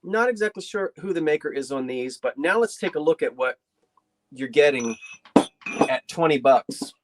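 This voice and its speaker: A woman's voice: sits low, lively intonation, normal speed. Woman, live sale host, chatty, folksy, home living room. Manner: chatty, folksy, trails off and restarts while describing items. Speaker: online antiques auction host. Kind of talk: live sale stream presenting.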